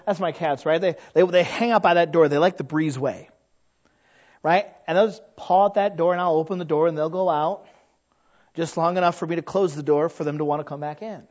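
A male pastor preaching a sermon, animated and folksy, asking rhetorical questions and joking at his own expense. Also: a little high, brisk, dull audio. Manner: animated, frequent rhetorical questions and self-deprecating humor.

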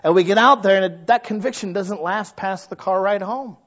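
A man's voice: sits high, fairly quick, a bit bright, muffled recording. A man preaching a sermon in a conversational way, acting out the thoughts of his listeners. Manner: conversational, acts out quoted inner voices. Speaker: pastor.

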